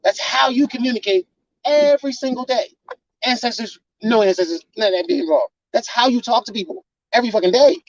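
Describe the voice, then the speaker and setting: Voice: mid-range voice, brisk, dry recording. A channel host lecturing a partner in a heated, confrontational rant full of swearing, on a slightly dull lo-fi recording.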